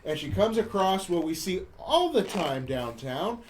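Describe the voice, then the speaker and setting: A man's voice: sits high, very animated, a little slow, slight background noise, poor audio. Wry man recapping a film. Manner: wry, mocking play-by-play retelling; stumbles and repeats words. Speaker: podcast co-host. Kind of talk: casual chat recapping a film.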